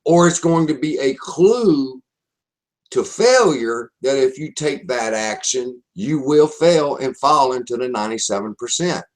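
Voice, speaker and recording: A man's voice: mid-range voice, lively intonation, measured pace. A man with a Southern US accent presenting a live online marketing webinar, speaking emphatically and repeating his key phrases.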